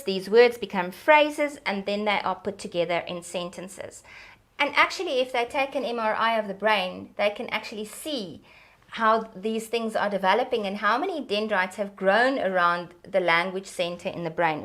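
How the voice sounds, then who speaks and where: A woman, an early childhood development expert, explaining in an animated teacherly way during an interview. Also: mid-range voice.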